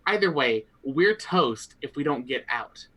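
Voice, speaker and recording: A man's voice: medium pitch, lively intonation, unhurried, pushed and bright. A man speaking in character during a tabletop roleplaying game, urging another character to leave. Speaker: tabletop player.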